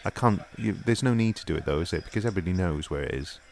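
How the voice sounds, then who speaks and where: A man's voice: low voice, lively intonation, very fast, slight background noise. A man, an actor, chatting in improvised comedy, rambling and self-important, full of hesitations.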